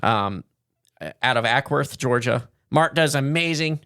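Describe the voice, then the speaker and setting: A man co-hosting a podcast in an easygoing, chatty way, ad-libbing a sponsor spiel with plenty of fillers. His voice sits at an ordinary middle pitch. The sound is close and dry, with no room around it. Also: unhurried, bright, forceful tone, clean tone, no echo. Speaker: podcast co-host. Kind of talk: casual chat and sponsor read.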